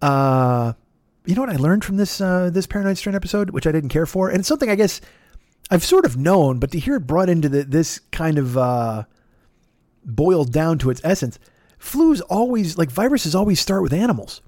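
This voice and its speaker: A man hosts a comedy podcast, swearing freely and ranting in a sarcastic, rambling way. His voice sits a bit high for a man. The sound is close and dry. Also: very animated, moderate pace, darkish tone, dry recording. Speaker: podcast host.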